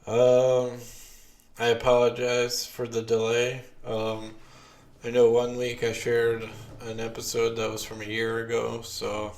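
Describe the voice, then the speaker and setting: A man's voice: mid-range voice, monotone, unhurried, darkish tone, slight background noise. A man hosting a podcast at home, chatting casually with lots of ums and restarts. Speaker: podcast host. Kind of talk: casual chat.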